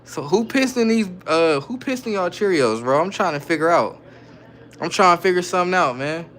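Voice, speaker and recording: He's a livestreamer chatting casually, reading out viewers' messages and replying in slang. His high voice has lively intonation, a moderate pace and a bit of brightness.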